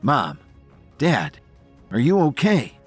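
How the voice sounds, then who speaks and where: A man's voice: medium pitch, huge pitch swings, takes it slowly, husky, faint music behind, pitched above the performer's own voice, heavily acted. A man playing a furious young hero. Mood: anguished. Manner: shouting, fierce, anguished. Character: furious young man defending his family.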